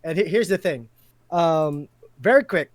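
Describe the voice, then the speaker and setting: A man's voice: a little high, lively intonation, a little slow, dry recording. A man talking as a guest in a casual live-stream interview, playful and teasing, often giggling.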